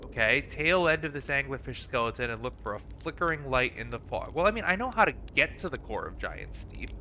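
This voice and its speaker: Excitable man doing game commentary. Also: medium pitch, a little fast, a little hiss or hum. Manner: excitable, thinks aloud. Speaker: gaming channel host. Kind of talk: let's play commentary.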